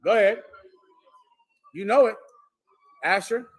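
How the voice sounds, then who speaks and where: A congregation leader, speaking slowly in a high-pitched voice, delivers a daring, humorous street-style sermon-lecture and responds to questions from those present.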